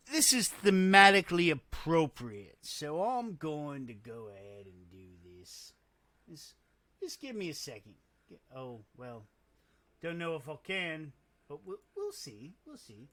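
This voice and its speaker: Man in his own casual voice, mid-pitched, unhurried, self-mocking gameplay commentator. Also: pushed and bright. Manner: slow, muttering to himself, self-deprecating. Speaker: gamer.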